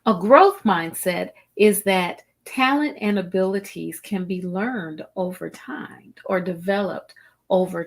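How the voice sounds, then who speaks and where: A middle-aged woman hosting a live-streamed wellbeing talk show, speaking deliberately and repeating phrases for emphasis to her viewers. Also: on the low side. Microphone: streaming setup, video call style.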